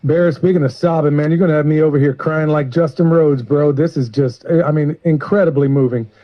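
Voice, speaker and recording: A man's voice: on the high side, fairly even intonation, a little fast. A man hosting a show, chatting in a laid-back, effusive way and calling his guest bro. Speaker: podcast host. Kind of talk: casual chat. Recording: dull lo-fi recording.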